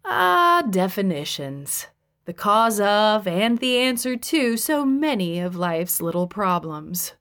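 A woman in her thirties reads her own memoir in a dry, wry, deadpan way. Her voice sits at an ordinary middle pitch, and her delivery is steady and measured. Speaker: narrator. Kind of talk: memoir audiobook narration.

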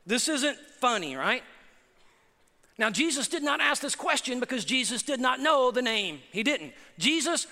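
Male pastor, sermon delivery, high and forceful, emphatic with rhetorical asides, long hall reverb. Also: very animated, normal speed.

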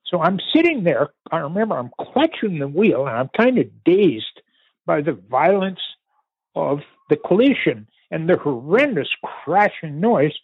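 An older man from Canada recounting a family story in conversation, unhurried and vivid, with pauses and restarts. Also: fairly high pitch, big pitch swings, husky, no room sound. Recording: tinny phone-like line, dry.

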